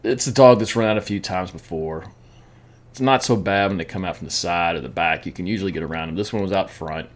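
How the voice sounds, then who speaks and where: A man's voice: sits low, fast. A man telling his training mishaps in a casual vlog, chatty, often laughing and repeating words as he talks. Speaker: amateur triathlete vlogger.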